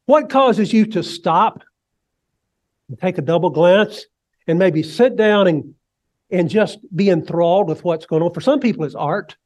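A male preacher with a high voice delivers his sermon slowly and deliberately. He swings between quiet, low lines and soaring cries, and he has the congregation repeat phrases back to him. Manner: leads the congregation in call and response. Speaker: pastor.

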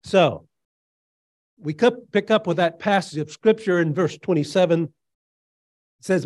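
A man preaching a sermon in an earnest, halting way, with frequent fillers, retelling scripture as a story. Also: sits high, darkish tone, no echo, studio quality.

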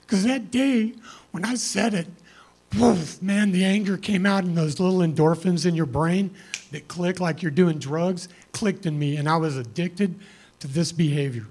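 A man's voice: sits high, normal speed, darkish tone, husky. Earnest man giving a church testimony. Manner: earnest, conversational, plain-spoken. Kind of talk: personal testimony to a congregation.

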